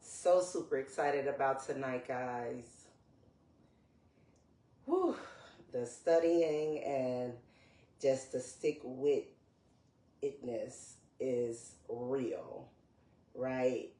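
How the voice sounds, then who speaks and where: Woman, podcast host, low unhurried voice, roomy echo, sounds far from the mic. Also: steady tone, mellow. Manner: upbeat, repetitive greetings to live viewers. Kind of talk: livestream podcast chat greeting viewers.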